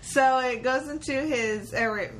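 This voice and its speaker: A young woman co-hosting a casual podcast about a movie, animated and swearing, acting out characters' lines and laughing often. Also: high voice, measured pace, a little hiss or hum. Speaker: podcast co-host. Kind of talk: casual movie-discussion chat.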